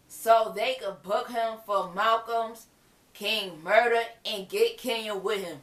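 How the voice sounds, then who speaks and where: Woman recapping a tv episode, bright fairly high voice, super animated, laughing a lot, echoey room. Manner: animated, exclaiming, laughing between remarks. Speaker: TV episode reviewer. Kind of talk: casual recap chat.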